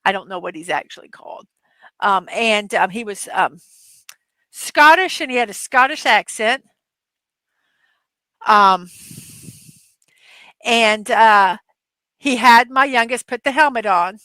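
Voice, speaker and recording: A woman's voice: fairly high pitch, animated, slow, pauses often, sharp tone, no room sound. A middle-aged woman hosting a casual livestream chat, telling rambling stories full of fillers and laughs from her computer desk at home. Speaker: livestream host.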